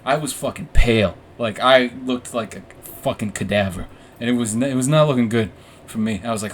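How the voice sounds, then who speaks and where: A man's voice: mid-range voice, a little fast, slight background noise. Profane, rambling male storyteller. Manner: rambling and profane, with frequent laughs. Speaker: podcast host. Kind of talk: casual storytelling.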